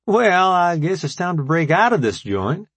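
A man doing a brash, loud female marine. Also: high voice, very animated, normal speed, no echo, pitched above the performer's own voice, heavily acted. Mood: wry. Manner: brash, yelling threats.

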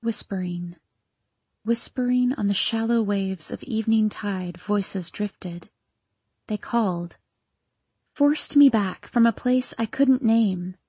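A woman narrating a novel in the first person, in a hushed, searching and anxious tone, close to the mic. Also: fairly high pitch, takes it slowly, husky, no room sound. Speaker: audiobook narrator.

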